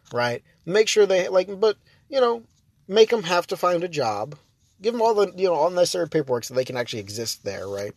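A man's voice: medium pitch, darkish tone, dry recording. A man ranting in a casual monologue, exasperated and rambling, with many fillers and restarts. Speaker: vlogger.

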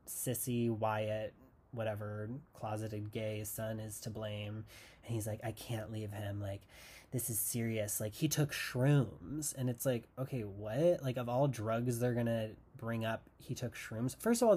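A man's voice: mid-range voice, mellow. A man hosting a casual podcast episode, recapping a TV finale in a sarcastic, chatty way, peppering his talk with "like" and acting out the characters' lines. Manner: sarcastic, full of "like", acts out quoted lines. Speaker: podcast host recapping a TV show.

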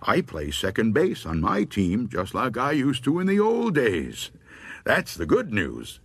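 A man reading scary stories aloud, slow and expressive. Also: medium pitch, gravelly, slightly rough, no echo. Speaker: storyteller.

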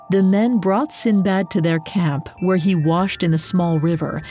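A woman reading a scripted story in a measured, expressive narrating voice. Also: on the low side, soft background music.

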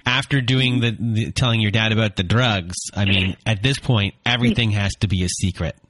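A man's voice: fairly low pitch, steady tone, a little fast, a bit bright, no echo. A man hosting a podcast, cutting in with short follow-up questions. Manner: brief interjections and follow-up questions. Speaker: podcast host. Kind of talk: interview questions.

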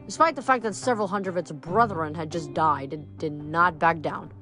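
A woman reading a novel aloud, telling the story in a steady way with dramatic emphasis. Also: low voice, normal speed, over music. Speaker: reader.

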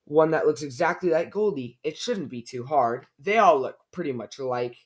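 A man's voice: on the high side, expressive, normal speed, lightly acted. A man voicing a hearty father bear from a storybook, folksy and confident.

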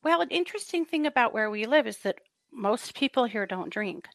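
A middle-aged woman hosts a casual podcast chat, laughing her way through animated stories. Her voice is bright and ringing and swings widely in pitch. The recording is dry and close. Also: fairly quick, gravelly, no echo. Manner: laughing storyteller, animated retelling. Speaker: podcast host.

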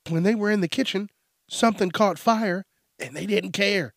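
A man doing a panicky, stammering guy in a comedy sketch, his voice pitched fairly high and leaping higher when he gets upset. He rambles crudely about his ruined home, with a gravelly, dry edge. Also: moderate pace, no echo. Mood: distraught. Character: distraught man whose home superheroes wrecked.

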